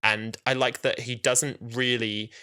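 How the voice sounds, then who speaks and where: A man's voice: mid-range voice, measured pace, smooth. A man in his twenties co-hosting a podcast, chatting casually and acting out quoted scenes. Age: 20s. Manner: animated, quotes scenes in character voices. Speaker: podcast co-host.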